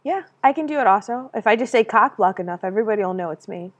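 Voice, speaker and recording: A woman co-hosting a casual stream, talking at a medium pitch. She brainstorms in an animated, rambling way, tosses in swear words and breaks into laughter. Her delivery is loose and unscripted. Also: fast talker, dull audio. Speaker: streamer co-host.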